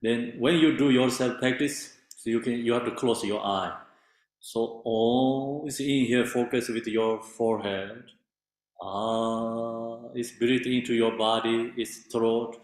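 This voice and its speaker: A man teaching meditation in halting non-native English with many fillers, explaining patiently. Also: medium pitch, fairly even intonation. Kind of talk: meditation instruction. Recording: very echoey room.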